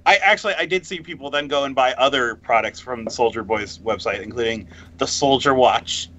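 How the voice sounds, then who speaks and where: Excitable, bright-voiced podcast co-host man. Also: medium pitch, brisk, dull audio, a little hiss or hum. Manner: rambling, excitable, laughs often. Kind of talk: casual chat.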